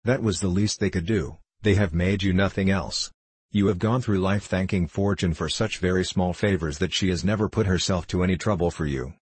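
A man with a husky voice reading a proud, impatient elder sister in a weary, reproachful manner. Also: deep voice, fairly even intonation, brisk, no echo.

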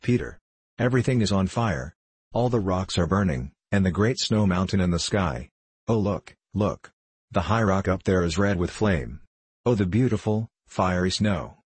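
A man reading aloud, voicing an eager, tender-hearted little mountain girl who exclaims excitedly. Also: deep voice, unhurried, few pauses, breathy edge, dry recording, heavily acted.

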